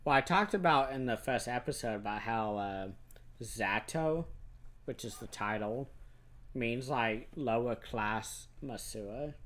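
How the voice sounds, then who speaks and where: A man hosting a relaxed film chat at a medium pitch. He retells scenes with animated energy and slips into quick character voices as he goes. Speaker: host. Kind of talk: casual film review chat.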